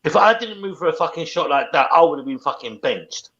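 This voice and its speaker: On a football fan show, a male co-host with a fairly high, animated, bright voice rants angrily and swears constantly at a brisk clip. It's casual post-match fan chat recorded with dull lo-fi sound.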